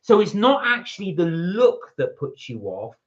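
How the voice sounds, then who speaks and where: A man's voice: sits high, big pitch swings, moderate pace, highs cut off. A man co-hosting a casual live stream, chatting and reading viewer comments aloud. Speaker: co-host reading the live chat.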